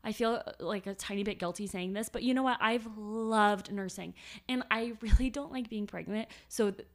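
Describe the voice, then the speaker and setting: A woman co-hosting a podcast and talking in a relaxed, conversational way. She speaks from the heart, her voice sits at an ordinary pitch, and she laughs easily as she talks. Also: moderate pace. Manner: heartfelt and emotional, laughing often. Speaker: podcast co-host. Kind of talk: casual podcast chat.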